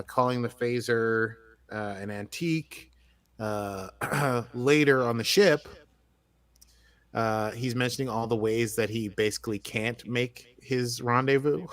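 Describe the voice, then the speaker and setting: An American man talking through a TV episode with a co-host, in an easygoing, rambling way. He keeps restarting his sentences and leans on fillers as he goes. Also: mid-range voice. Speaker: podcast co-host. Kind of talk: casual chat recapping a TV episode.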